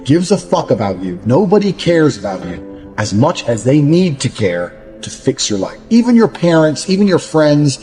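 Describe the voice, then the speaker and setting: Slightly high but darkish in tone, this man from England delivers a profane, blunt motivational rant. He's scornful of others and mocks them with put-on voices, with faint background music audible.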